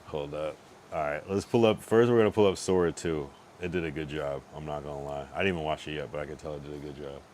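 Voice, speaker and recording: A tipsy male streamer chats loosely late at night, cursing freely and rambling from thought to thought. His voice sits very low, with a faint hiss of background noise behind it. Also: steady tone, fast, a little mellow. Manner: loose, profane, rambling commentary. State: tipsy from drinking.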